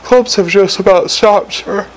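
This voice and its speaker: A man reading aloud and voicing a big, slow, stolid male troll sergeant who speaks bluntly. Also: high-pitched, a little hiss or hum, voice pushed up, poor audio. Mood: pleased, blunt.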